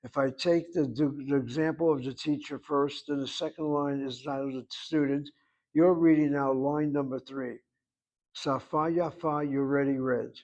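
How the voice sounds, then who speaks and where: A man's voice: mid-range voice, steady tone, normal speed, darkish tone, dull audio. A man teaching a language class, patiently explaining at length and asking rhetorical questions. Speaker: Hebrew instructor.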